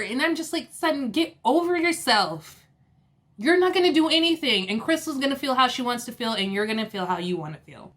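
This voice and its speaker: Bright, animated woman venting in a vlog. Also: fairly high pitch. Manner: animated and exasperated, quoting people in mock voices. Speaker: vlogger reviewing a reality TV show. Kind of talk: casual opinionated review.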